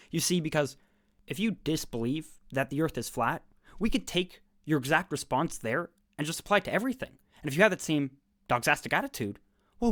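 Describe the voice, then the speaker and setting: A man's voice: medium pitch, a bit bright. A man giving sarcastic, incredulous reaction commentary on a debate, sounding more and more exasperated.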